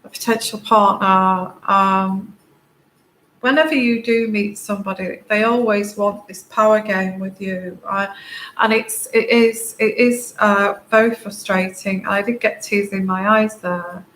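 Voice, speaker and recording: Tearful woman tarot reader, halting delivery, slight room echo and faint hiss. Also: mid-range voice, fairly even intonation, a bit bright. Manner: slow, halting, many fillers and restarts. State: tearful, crying. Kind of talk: intuitive tarot reading to camera. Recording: echoey room, faint background noise.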